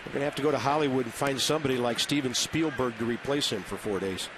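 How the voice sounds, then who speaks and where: A man calling baseball play-by-play from a ballpark booth, brisk and conversational with wry asides. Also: mid-range voice. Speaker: play-by-play announcer. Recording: noisy broadcast audio.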